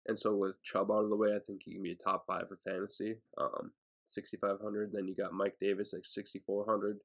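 A man's voice: lowish voice, flat delivery, brisk. A man going through fantasy football picks on a podcast, hesitant with frequent ums. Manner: hesitant, lots of ums and uhs. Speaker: podcast co-host.

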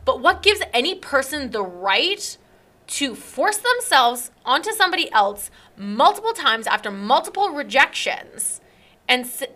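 A woman's voice: sits high, very animated, a little slow, bright, forceful tone. A young woman hosting a casual chat, telling an indignant story and acting out text messages.

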